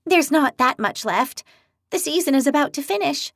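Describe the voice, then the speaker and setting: Woman doing a young woman healer, grumpy, quarrelsome, brave, blunt, high, lively, dry audiobook sound. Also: normal speed, no room sound. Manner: blunt, spirited.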